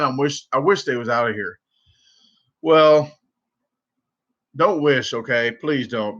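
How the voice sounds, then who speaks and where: A man with a Southern US accent telling a rambling story casually on a livestream, with many restarts. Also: medium pitch. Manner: rambling, repeats and restarts, animated when quoting. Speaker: livestream host. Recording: dull lo-fi livestream audio.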